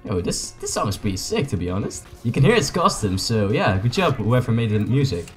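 A young man, a native Dutch speaker, gives excitable, joking, rambling commentary to his viewers as he plays a video game. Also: fairly low pitch, fairly quick, faint music behind. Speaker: gaming YouTuber. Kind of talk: casual gameplay commentary.

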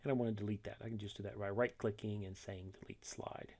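A man walking through a software tutorial step by step, reading each instruction and then demonstrating it, correcting himself along the way. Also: on the low side, fairly even intonation, fast talker. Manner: methodical, reads steps then demonstrates, self-corrects.

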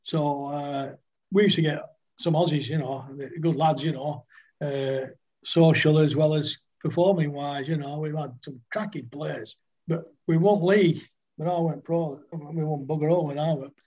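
A man's voice: a little high, fairly even intonation, normal speed, darkish tone, lo-fi sound. An older man telling rambling cricket-club anecdotes in a casual chat, often laughing. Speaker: guest, former cricketer. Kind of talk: casual storytelling.

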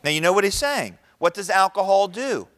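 A middle-aged man giving a sermon-style talk in a church, conversational and animated, often asking the audience questions. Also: a little fast. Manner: animated, with big pitch swings. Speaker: speaker at a church event.

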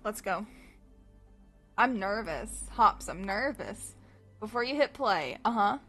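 A woman streamer chatting casually with her live audience, chatty and animated, swearing freely. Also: mid-range voice, slow pace, faint music behind.

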